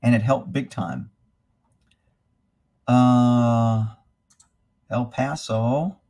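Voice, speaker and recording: A man with a mellow, mid-range voice talks extremely slowly and steadily while hosting a horse-focused live stream. Between blunt, profanity-filled rants, he reads out comments from viewers.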